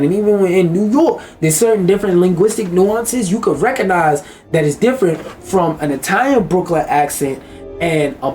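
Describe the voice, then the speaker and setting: A man's voice: fairly high pitch, dark tone. A man giving a blunt, profane, ranting commentary as he reacts to a video.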